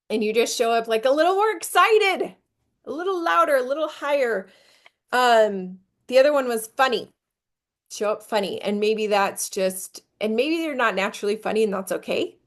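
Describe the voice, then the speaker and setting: Middle-aged woman, live-stream host, casual, filler-heavy, playful. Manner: chatty, filler-heavy, jumps up high when demonstrating energy.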